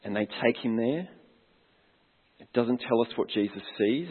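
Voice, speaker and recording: A man's voice: medium pitch, moderate pace, long pauses, slightly rough. A man preaching a sermon as a pastor, earnest and reflective, putting questions to his congregation. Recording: long hall reverb, tinny phone-like sound.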